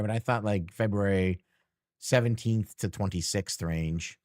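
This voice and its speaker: A man's voice: on the low side, moderate pace, no echo, studio quality. A man streamer chatting casually and teasingly with his chat while playing a game, rambling and joking.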